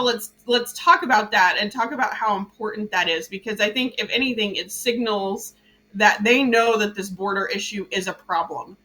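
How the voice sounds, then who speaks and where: A woman from Louisiana hosting a podcast, chatting about politics in an animated way and laughing at her own jokes. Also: on the high side, low-quality recording. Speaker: podcast host. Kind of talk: casual political chat.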